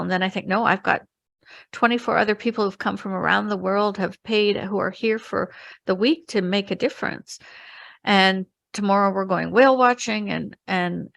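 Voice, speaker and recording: A middle-aged woman, a spiritual healer, telling a personal story in an interview, earnest and halting, with many restarts and quoted thoughts. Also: mid-range voice, steady tone, vocal fry, fairly bright tone, no room sound. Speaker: interview guest, spiritual healer and retreat leader.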